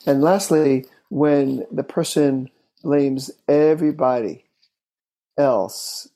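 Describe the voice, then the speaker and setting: A man who works as a therapist, recounting a case as an interview guest in an unhurried, thoughtful way, speaking in short phrases. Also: mid-range voice, dark tone, rough recording. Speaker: therapist and relationship expert.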